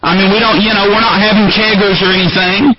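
A man preaching a sermon as pastor, emphatic and climbing higher in pitch to drive points home. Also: flat delivery, quick pace, a loud crowd. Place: church sanctuary. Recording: muffled lo-fi church recording with congregation.

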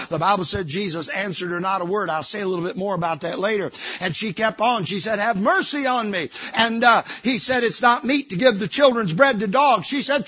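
A man preaching a sermon from a church pulpit. He swings between shouting and hushed, soft passages. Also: extremely high pitch, husky, no room sound, highs cut off. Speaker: pastor.

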